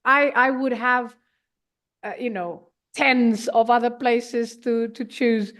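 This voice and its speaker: A woman's voice: a little high, fairly even intonation, slow, fairly bright tone. A Portuguese woman speaking English with a Portuguese accent as a guest presenter, explaining things in a hesitant way with frequent restarts. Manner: hesitant, with restarts and light laughter. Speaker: language and culture guest presenter. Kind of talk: casual live-stream chat.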